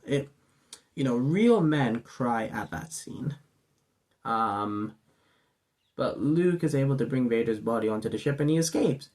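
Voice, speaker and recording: A man's voice: medium pitch, takes it slowly, a little mellow. A man hosting a casual vlog monologue, gushing and filling his talk with ums and you-knows. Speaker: channel host.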